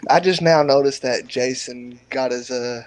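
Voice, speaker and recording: A man's voice: mid-range voice, a little slow, a little mellow, low-quality recording. Easygoing, joking man on a panel. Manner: easygoing, joking, laughs often. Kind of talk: casual live-stream chat.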